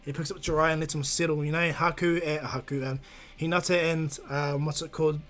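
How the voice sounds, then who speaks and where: A man narrates a fan-made anime story in a loose, rambling way, full of restarts and fillers. His voice sits fairly high, with faint background music under the telling. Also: little pitch movement, brisk, a bit bright. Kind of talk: casual fan-fiction narration.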